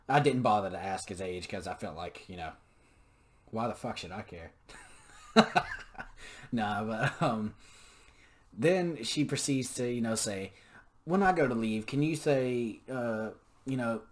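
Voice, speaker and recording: A man's voice: lowish voice, measured pace, long pauses. Profane young man ranting a story. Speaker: podcast storyteller. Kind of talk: casual storytelling monologue.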